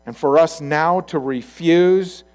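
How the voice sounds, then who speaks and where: A male pastor giving a sermon in a conversational storytelling way, swinging from loud to quiet asides. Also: fairly high pitch, slow.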